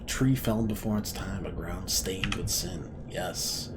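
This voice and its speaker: A man's voice: sits low, measured pace, hardly any pauses, very noisy. A man streaming a video game, reading its dialogue aloud in playful mock-archaic voices. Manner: playful, theatrical, jokey. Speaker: let's play streamer.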